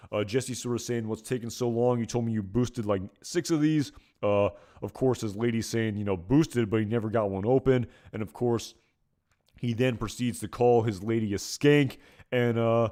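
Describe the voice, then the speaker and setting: A man's voice: fairly low pitch, a little mellow. A man giving casual episode commentary, rambling and hesitant with many fillers. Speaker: video commentator.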